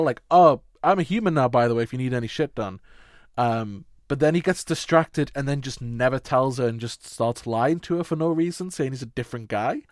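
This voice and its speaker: A man's voice: mid-range voice, dry recording, studio quality. A young man co-hosting a casual podcast, sarcastic and sweary, laughing often. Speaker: podcast co-host. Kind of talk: casual chat.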